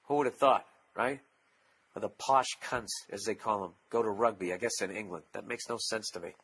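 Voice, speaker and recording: A man's voice: fairly low pitch, fairly quick, fairly bright tone, a little hiss or hum. A man hosting his own podcast, talking alone in a casual, profane, sarcastic rant. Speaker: podcast host. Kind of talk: casual solo podcast monologue.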